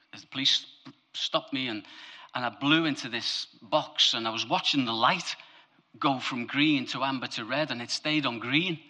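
A man preaching a lively, humorous sermon, his voice climbing to emphatic high peaks and dropping low for asides.

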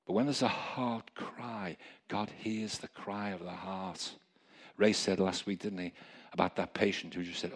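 A man preaching a testimony sermon, telling stories in a lively way with chuckling asides. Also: fairly low pitch, moderate pace, husky. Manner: storytelling, animated, chuckling asides.

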